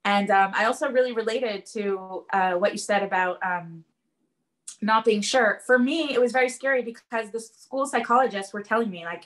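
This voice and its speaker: Earnest woman chatting, lots of likes and ums, bright voice. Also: medium pitch, moderate pace. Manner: earnest, animated storytelling with many "like" and "um". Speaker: guest sharing parenting experience. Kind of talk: casual conversation.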